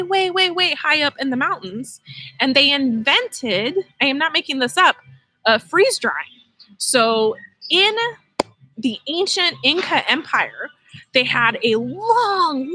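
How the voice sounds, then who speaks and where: A woman's voice: high voice, husky, low-quality recording. A woman hosting a casual live-stream lesson outdoors by her vegetable garden, talking playfully and straight to her viewers. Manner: animated, playful, addresses viewers directly. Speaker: host teaching kids about gardening.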